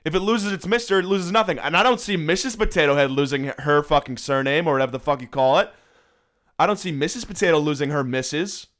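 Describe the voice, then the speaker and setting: A man's voice: fairly high pitch, fast, fairly bright tone. Ranting young man on a phone mic. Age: young adult. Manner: ranting, sarcastic, profane. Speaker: podcast host. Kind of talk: solo comedic rant. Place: room at home.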